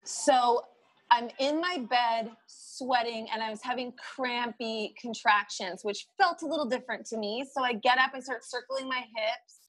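A woman guest telling a story in a casual, animated way, laughing often and quoting her own thoughts aloud. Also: fairly high pitch, a little slow, no room sound, rough recording. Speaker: podcast guest.

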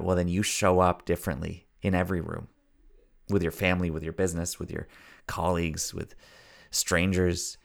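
A man hosting a podcast as a story coach, speaking earnestly in a preachy, motivational way and repeating phrases for emphasis. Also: sits low.

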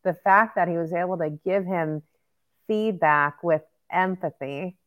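A woman's voice: fairly low pitch, unhurried, narrow, tinny audio. A woman hosting a podcast, talking in a casual, chatty way with lots of "right?" and "like". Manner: chatty, agreeing, many fillers like "right?". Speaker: podcast host.

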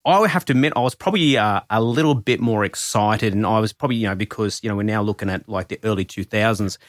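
A man in his forties hosting a podcast, telling stories in an animated way with sudden rises in pitch. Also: quick pace, dry recording, clean studio sound. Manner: animated storyteller, pitch jumps when excited. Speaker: podcast host. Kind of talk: casual podcast chat.

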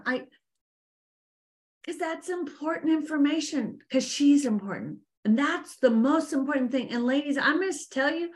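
Middle-aged woman, business coach, faith-based leadership talk, earnest and lively, slightly high voice. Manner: earnest, animated, addresses listeners as ladies. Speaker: business coach teaching women.

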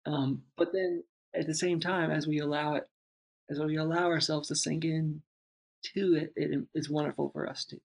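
A man, a father, in relaxed conversation, telling a long reflective story with many restarts and asides. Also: on the high side, normal speed, creaky, slightly rough. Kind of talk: casual chat.

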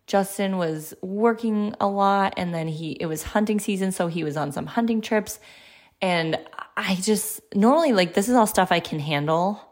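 A woman's voice: mid-range voice, moderate pace. A woman in her thirties hosting a podcast, telling a personal story in a candid, chatty way with many fillers. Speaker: podcast host.

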